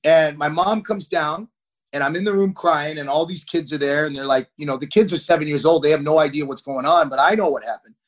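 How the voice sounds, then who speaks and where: Man, thirties, podcast guest, animated storyteller, slightly high voice. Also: a little fast. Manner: animated, acts out quotes. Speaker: guest hockey player.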